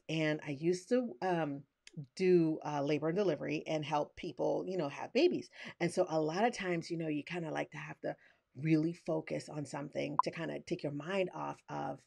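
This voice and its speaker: A woman leading a live online workshop, chatty and excitable, checking in with "right?" as she goes, speaking into a webcam. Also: fairly low pitch, gravelly. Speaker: online course creator and trainer.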